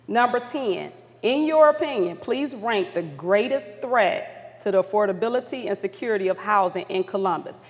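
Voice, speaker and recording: Speaking at normal speed with few pauses, this facilitator has a mid-range voice and lively intonation. She cheerfully encourages a community summit audience through polling questions, apologizing when flustered, in a large conference hall with long reverb.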